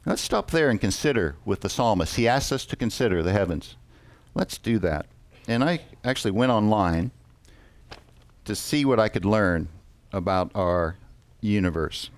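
A man's voice: lowish voice, lively intonation, dry recording. A man preaching a sermon, reading scripture aloud and asking the congregation questions. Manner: interactive, asks the congregation questions; reads scripture aloud in a measured voice.

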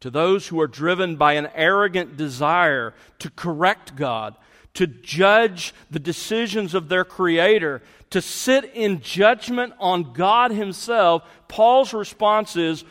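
Pastor, male, slightly high voice, slow deliberate sermon delivery, church hall reverb. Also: fairly bright tone. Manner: deliberate, emphatic preaching with rising confrontational questions. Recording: long reverb of a large hall.

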